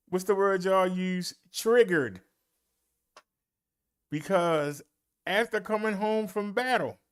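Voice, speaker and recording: A man leading a Bible study as a minister, preaching in an emphatic, folksy way and talking straight to his listeners. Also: high voice. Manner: slow, emphatic delivery with long pauses and swooping emphasis.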